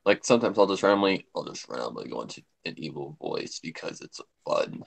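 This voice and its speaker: A man's voice: a bass voice, expressive, brisk, creaky, husky. A man chatting casually on a livestream, a voice actor who jumps between voices to demonstrate them.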